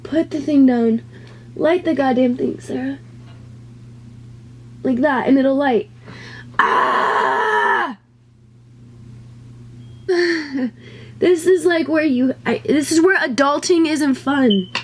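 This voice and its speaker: A woman's voice: sits high, slow pace, long pauses, a little mellow. A young woman vlogging to camera, nervous and swearing as she talks herself through a scary task at home. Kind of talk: casual vlog talking to camera. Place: home utility space by a water heater.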